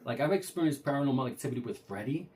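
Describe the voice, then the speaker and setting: A man's voice: medium pitch, lively intonation, racing, a little mellow, soft background music. A man casually retelling a true ghost story, talking conversationally with frequent restarts and acted-out dialogue.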